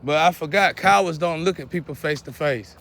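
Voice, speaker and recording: A man, lecturing and scolding his viewers in a preachy monologue, often clearing his throat. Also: on the high side, a little fast, a bit bright. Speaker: vlogger.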